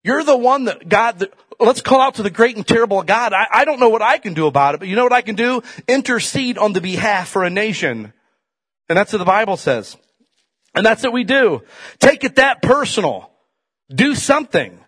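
Male preacher, husky breathy voice, a bit high, conversational sermon, big swings between loud and quiet. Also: animated, brisk. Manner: frequent "man" and "right?" asides to the congregation.

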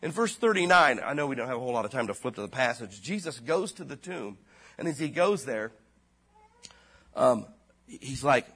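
A pastor preaching a sermon in a casual, slangy way, his voice dropping low and then rising loud. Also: sing-song, moderate pace, husky.

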